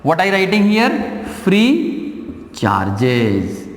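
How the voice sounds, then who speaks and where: A man teaching a science lesson, explaining slowly and repeating key phrases. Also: sits high, wildly swooping pitch. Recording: echoey room with long reverb.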